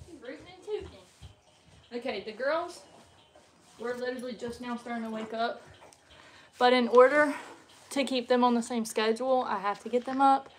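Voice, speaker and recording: Chatty and folksy, a young woman who vlogs as a mom talks to her phone on a live stream inside her family home, laughing readily. Her voice sits on the high side at normal speed, broken by long pauses.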